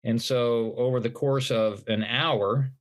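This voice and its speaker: A man's voice: medium pitch, fairly even intonation, takes it slowly. A middle-aged man, a podcast guest, earnestly telling his personal story in an interview, often restarting his sentences. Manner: earnest, retelling events with acted-out dialogue and frequent restarts. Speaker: podcast guest, motivational speaker.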